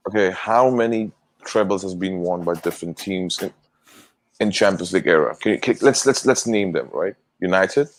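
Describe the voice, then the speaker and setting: A man with a fairly low voice argues his case in a casual live football chat. He throws in "bro" and "man" as he builds his points. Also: normal speed. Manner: argumentative, says "bro" and "man".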